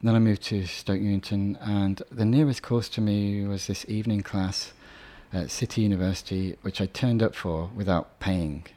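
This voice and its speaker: A young adult man, a poet, answering interview questions in a soft-spoken, hesitant way with frequent restarts. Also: fairly low pitch, steady tone, moderate pace, hardly any pauses. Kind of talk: reflective conversational interview.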